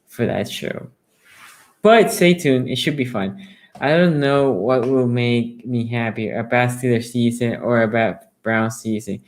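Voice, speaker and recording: A man hosting a casual sports talk show, reading viewer comments aloud and answering them. He rambles and restarts his sentences, then bursts into high, excited storytelling. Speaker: sports talk show host taking callers.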